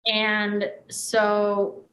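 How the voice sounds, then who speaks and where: A woman's voice: medium pitch, completely flat delivery, drawn-out words, fairly bright tone, poor audio. A woman talking with a student in a casual, reflective coaching style, with many filler words.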